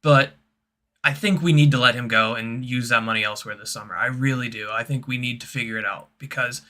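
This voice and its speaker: A man's voice: medium pitch, steady tone, a little fast, sharp tone. A man on a fan stream, giving blunt, matter-of-fact opinions in casual chat.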